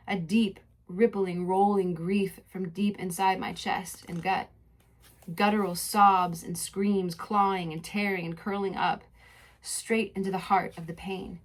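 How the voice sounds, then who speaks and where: A young woman telling a deeply personal story on her podcast. Her voice is soft and introspective, and she sits at an everyday middle pitch. The delivery drifts between poetic narration and loose, chatty asides. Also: fairly even intonation, unhurried. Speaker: podcast host. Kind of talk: mix of reflective spoken narration and casual chat.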